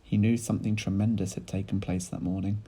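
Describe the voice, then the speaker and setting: A male teacher reading a children's book aloud in lively storytelling style, speaking to his pupils. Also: fairly low pitch, fast, slightly rough, rough recording. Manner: animated storytelling, addressing children.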